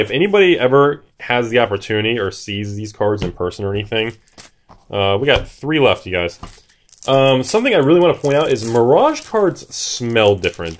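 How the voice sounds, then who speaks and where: A man hosting a card-opening video, talking in a hyped, jittery way and shouting at big pulls. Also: medium pitch, sing-song, fairly quick. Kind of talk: excited casual commentary.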